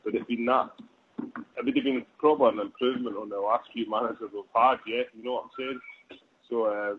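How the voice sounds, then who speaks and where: A man's voice: medium pitch, steady tone, fairly quick. Male caller, rambling and full of ums, heard over a tinny phone line with a little hiss. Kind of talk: casual phone-in chat.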